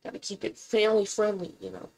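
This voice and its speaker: Woman doing casual game commentary, mid pitch, excitable, swears a lot, voice shoots up when shes surprised. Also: quick pace, poor audio. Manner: excitable, swearing, incredulous, often jumps up in pitch. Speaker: gameplay commentator.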